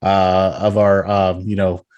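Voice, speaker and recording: A man's voice: low-pitched, level tone, takes it slowly, a little mellow, smooth, dull audio. A man hosting a casual podcast chat, rambling with many fillers and restarts, laughing often. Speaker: podcast host.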